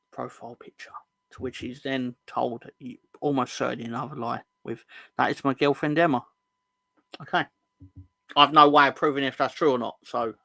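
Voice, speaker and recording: A man's voice: medium pitch, gravelly, bright, forceful tone, no echo. A man co-hosting a football podcast, casually reading out viewer comments in a rambling, joking way, swearing and correcting himself as he goes.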